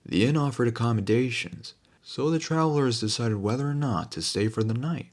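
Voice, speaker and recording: A man narrating a fantasy audiobook in a steady storytelling manner. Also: mid-range voice, fairly quick. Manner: steady storytelling, voices every figure.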